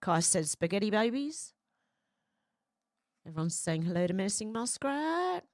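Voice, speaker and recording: A woman's voice: mid-range voice, sing-song, moderate pace, dry recording, clean studio sound. A middle-aged woman, hosting a casual livestream and reading viewer comments aloud in a chatty way. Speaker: livestream host reading chat. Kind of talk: casual chat.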